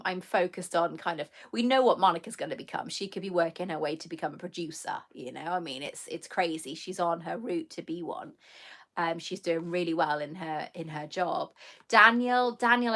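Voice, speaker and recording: A woman's voice: lowish voice, fairly bright tone. A middle-aged woman chatting casually on a live stream. She reads viewers' comments aloud, thanks them, and mocks herself with a laugh. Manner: chatty and self-mocking, reading comments aloud, laughing often. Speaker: YouTuber answering live chat.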